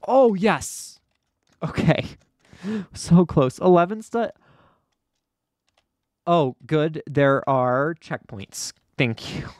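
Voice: mid-range voice, drawn-out words, long pauses, darkish tone, dry recording. A young adult gamer giving casual let's play commentary, dramatically exasperated and often laughing at their own struggles. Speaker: gamer playing an obstacle course game.

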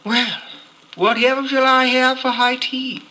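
A man's voice: extremely high pitch, fairly even intonation, measured pace, noisy background. An actor playing a pompous, affected spymaster obsessed with his own Britishness, in a comedy sketch. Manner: pompous, affected upper-class.

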